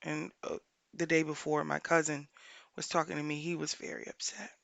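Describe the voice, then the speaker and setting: A woman life coach hosting a solo podcast, speaking earnestly and repeating her points for emphasis, pausing often to think aloud. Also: low-pitched, level tone, gravelly, fairly bright tone, no echo.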